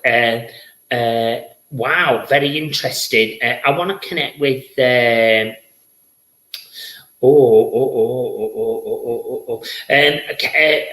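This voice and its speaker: A man's voice: medium pitch, pushed and bright, echoey room, poor audio. A man hosting a live-streamed spirit reading as a psychic medium, chatty and effusive, often repeating his words.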